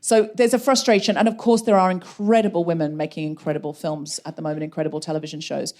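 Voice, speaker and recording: A woman hosting a live comedy podcast on stage, wry and brisk, talking about writing. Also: deep voice, level tone, darkish tone. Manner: brisk, wry, jokey delivery. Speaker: podcast host and writer. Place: live stage show in a London venue.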